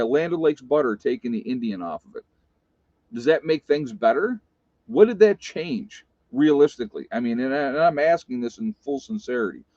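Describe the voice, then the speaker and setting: A man's voice: mid-range voice, a little mellow, no echo. Exasperated rambling man, dull dry recording. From upstate New York. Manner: rambling, exasperated, heavy fillers and restarts. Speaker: vlogger answering viewer comments. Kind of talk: casual opinionated monologue.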